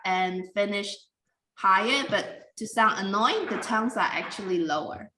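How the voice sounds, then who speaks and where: A woman teaching English pronunciation in a careful, deliberate way, with simple non-native grammar. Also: medium pitch, lively intonation, bright, forceful tone, echoey room, a little hiss or hum, poor audio. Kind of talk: slow classroom explanation.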